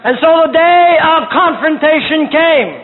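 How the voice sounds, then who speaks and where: A man preaching a fervent sermon, telling stories with shouted exclamations, pausing for an interpreter. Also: extremely high pitch. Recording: tinny phone-like sound with crowd.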